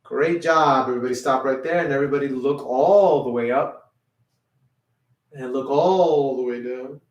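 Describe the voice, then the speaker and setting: A man leading a children's music class, guiding warm-up stretches and often checking in with "okay?". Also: mid-range voice, normal speed, recorded from a distance, lo-fi sound. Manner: encouraging, repeats "okay?" often. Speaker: music teacher. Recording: roomy sound from away from the mic.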